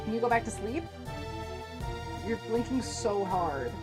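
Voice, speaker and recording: A young woman chatting excitedly while streaming a game, over game music. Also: on the high side, measured pace. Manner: chatty and excitable, reacts aloud. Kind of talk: casual gameplay commentary. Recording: game music playing under the voice.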